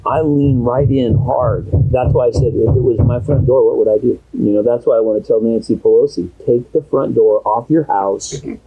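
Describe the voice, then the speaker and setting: A man's voice: medium pitch, moderate pace, slightly rough. A man, a pastor, talking at length in a secretly recorded private conversation, rambling and earnest, at times emotional. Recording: tinny phone-like audio recording.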